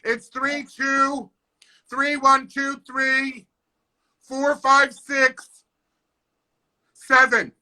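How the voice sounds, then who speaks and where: A man putting on a fussy slow neighbor lady. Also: very high voice, sing-song, sharp tone, voice pushed up, exaggerated voice, low-quality recording. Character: fussy neighbor woman dictating slowly.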